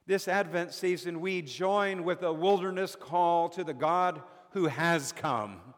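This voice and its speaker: Recorded in a church sanctuary with a long hall reverb, a pastor delivers a sermon in a slightly high voice. His pace is slow and deliberate, broken by dramatic pauses.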